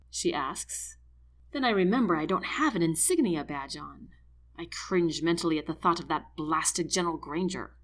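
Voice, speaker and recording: A woman reading a first-person novel aloud, expressive, slipping into whispers for inner thoughts. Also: sits low, normal speed. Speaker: audiobook narrator. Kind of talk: first-person scripted narration.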